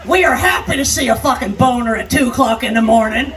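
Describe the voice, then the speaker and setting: An older woman doing raunchy live stand-up comedy, brash and crude, shouting her punchlines. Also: on the high side, fairly quick, few pauses. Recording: live stage sound, distant, crowd noise. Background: noisy party crowd.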